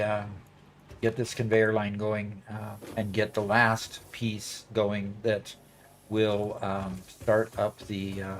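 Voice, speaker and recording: A man's voice: lowish voice, slight background noise. A man chatting casually on a gameplay livestream, rambling with fillers as he plays. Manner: rambling, many fillers and restarts. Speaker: streamer.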